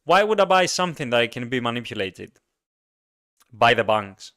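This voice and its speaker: A man's voice: medium pitch, sing-song, moderate pace, pushed and bright. A man hosting a casual solo podcast, speaking emphatically and ranting with frequent repeats. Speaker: podcast host.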